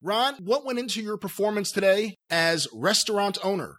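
A man's voice: high voice, lively intonation, normal speed, fairly bright tone. A man hosting a podcast, teasing his guests and laughing often. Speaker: podcast host. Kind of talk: casual podcast chat.

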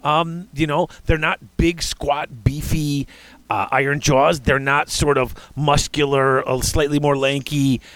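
A man's voice: on the high side, level tone, a little slow, a bit bright, no room sound. A man hosting a casual hobby chat, rambling with restarts and fillers. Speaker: podcast host.

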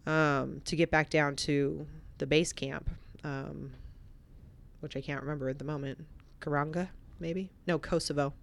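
As a podcast guest, a woman shares an emotional personal story, shifting between animated bursts and hushed, reflective moments. Her voice sits low with vocal fry, and she talks a little slowly.

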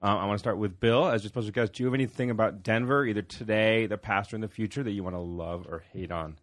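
A man hosting a casual local podcast, chatty, with quick asides and many fillers, speaking. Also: on the low side, no room sound, studio quality. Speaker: podcast host. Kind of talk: casual chat.

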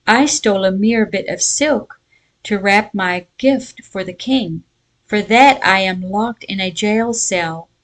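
A woman's voice: mid-range voice, measured pace, close to an everyday voice, poor audio. A woman voicing a clever, humble male thief from a folk tale, earnest and pleading. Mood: accusing. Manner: earnest, pleading, then accusing.

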